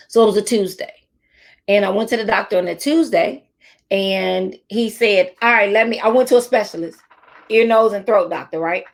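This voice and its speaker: Middle-aged teacher lady giving a pep talk to other teachers, lively storyteller, says the big lines twice. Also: medium pitch, normal speed. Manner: lively storytelling, repeats key phrases. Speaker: teacher and speaker.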